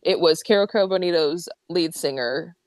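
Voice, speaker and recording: Excitable rambling drag king guest, dry sound. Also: lowish voice, moderate pace, dry recording. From Ohio. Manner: excitable, rambling, self-deprecating, laughs often. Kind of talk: casual podcast interview.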